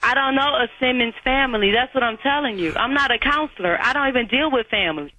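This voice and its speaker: Woman, office worker, phone call, firm, dismissive, bright tone. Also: on the high side, quick pace, a little hiss or hum. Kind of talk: phone conversation.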